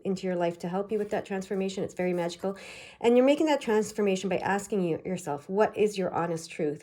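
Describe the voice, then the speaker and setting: A woman from Canada's East Coast giving a tarot reading, talking quickly and excitedly with many fillers. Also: medium pitch. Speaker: tarot reader. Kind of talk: tarot card reading to camera.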